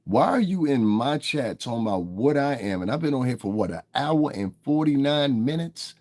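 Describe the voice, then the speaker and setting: A livestream host with a medium-pitched, expressive, darkish voice speaks at normal speed straight to his chat. His commentary turns into a profane, confrontational, heated tirade at viewers.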